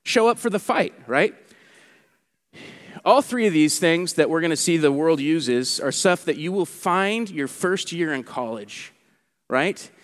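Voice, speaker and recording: A man preaching a sermon as pastor, animated and conversational, acting out what mockers say. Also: fairly high pitch, a little slow, big-room sound. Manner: animated, acts out mockers' quotes.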